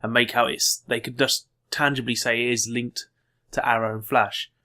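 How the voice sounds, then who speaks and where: A man co-hosting a podcast, chatting casually in a quick, sarcastic way. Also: mid-range voice, little pitch movement, bright, forceful tone. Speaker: podcast co-host. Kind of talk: casual review chat.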